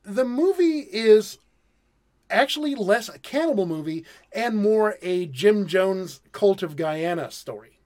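A man's voice: high voice, lively intonation, measured pace, a little mellow. A man hosting a casual podcast chat that reviews films in a wry, self-deprecating way. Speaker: podcast host.

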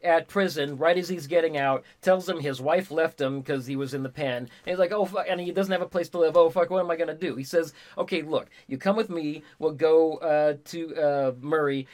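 Man, fairly high voice, casual movie review chat, excitable, swears a lot, bursts into shouts and laughs. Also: moderate pace, hardly any pauses. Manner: profane, excitable, laughs and shouts while retelling scenes.

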